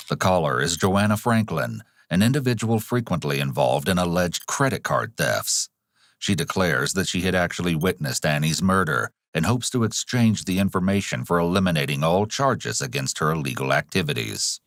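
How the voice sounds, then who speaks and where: Narrator: man, very deep voice, dry close sound, measured dramatic telling. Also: fairly bright tone, dry recording. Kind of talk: scripted true-crime narration.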